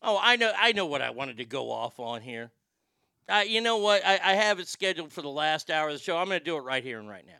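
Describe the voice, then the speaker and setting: A male host rants through profane, sarcastic commentary with plenty of heat. His voice is fairly high for a man, bright and crisp, and it sounds dry and close to the mic. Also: lively intonation, fairly quick, dry recording. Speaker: show host. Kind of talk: ranting commentary.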